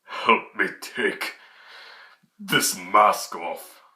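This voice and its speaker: A man putting on the voice of a grim armored male dark lord, deep and slow. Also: expressive, heavily acted. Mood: grave. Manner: deep, slow, heavy delivery.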